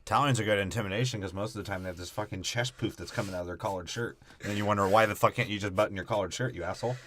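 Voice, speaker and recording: A man's voice: fairly low pitch, rapid-fire, a bit bright, a little hiss or hum. A man co-hosting a casual comedic movie breakdown podcast, riffing crude, profane jokes. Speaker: podcast co-host.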